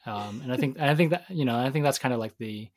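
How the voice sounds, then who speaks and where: Male podcast co-host, mid-pitched voice, loose, hedging chat. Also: quick pace. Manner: loose and hedging, strings thoughts together with "like". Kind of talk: casual chat.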